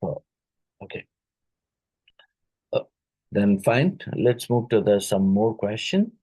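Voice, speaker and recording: A man teaching an exam-prep lesson, reading each question twice and pausing with fillers and "right?" tag questions. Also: on the low side, expressive, warm tone, slightly rough, rough recording. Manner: halting, with many fillers and "right?" tags; repeats each question aloud.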